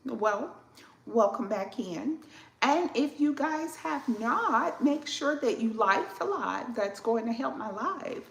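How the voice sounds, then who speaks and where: A woman from southern Illinois hosting a casual live stream from her home kitchen, unhurried and chatty as she answers viewers with plenty of fillers. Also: on the high side, lively intonation, vocal fry, echoey room. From southern Illinois, Midwest.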